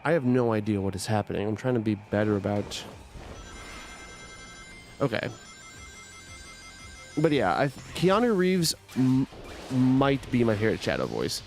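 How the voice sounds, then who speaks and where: A man's voice: on the low side, big pitch swings, a little slow, pauses often, darkish tone, faint music behind. A young man streaming a game and chatting casually, rambling with many restarts and filler words. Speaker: gaming streamer. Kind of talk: casual chat while playing a game.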